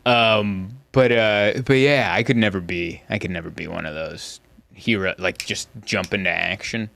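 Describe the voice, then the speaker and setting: A man hosting a casual comedy podcast, telling stories and jumping into high acted quotes. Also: moderate pace, vocal fry. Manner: animated storyteller, jumps high into acted quotes. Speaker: podcast host.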